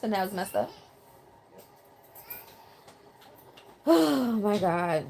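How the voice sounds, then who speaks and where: A woman's voice: mid-range voice, big pitch swings, slow, gravelly, a little mellow, slight background noise. An older woman, chatting on a live stream, reading out viewer comments with lots of ums. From New York City. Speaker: live streamer, line dance teacher. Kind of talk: casual live-stream chat. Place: home in South Carolina. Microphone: phone or handheld mic.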